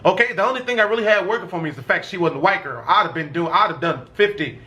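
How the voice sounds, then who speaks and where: A young man telling a crude story from his own life in a casual, rambling way, animated and full of swearing, sometimes breaking into excited shouts. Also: high-pitched, fast talker.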